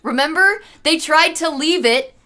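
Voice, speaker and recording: A young woman retells an old story as a streamer, dropping in sarcastic, playful asides. Her voice sits a little high and sounds bright and forceful. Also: unhurried. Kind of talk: casual comedic retelling.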